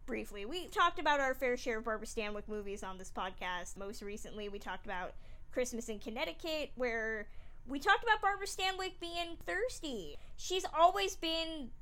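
A woman co-hosting a podcast, chatting casually about an old film, animated and emphatic, sometimes laughing as she talks. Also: fairly high pitch, moderate pace. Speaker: podcast co-host.

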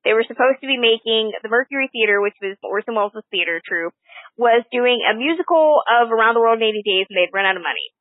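A woman co-hosting a casual film podcast, opinionated and animated, laughing often as she picks apart a movie. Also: fairly high pitch, fast talker, dry recording. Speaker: film discussion co-host. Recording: tinny phone-like line, dry.

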